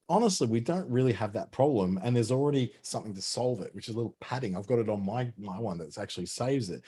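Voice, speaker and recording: A man's voice: lowish voice, dark tone, breathy edge. A man hosting a webinar, chatty and joking as he coaches guests over a video call. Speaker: webinar host. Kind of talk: casual coaching chat.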